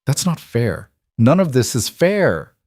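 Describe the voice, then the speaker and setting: A man's voice: mid-range voice, sing-song, slow pace, darkish tone, no room sound, clean studio sound, pitched above the performer's own voice, exaggerated voice. A man voicing a defiant pregnant young wife, cutting and bitter, in an audiobook reading.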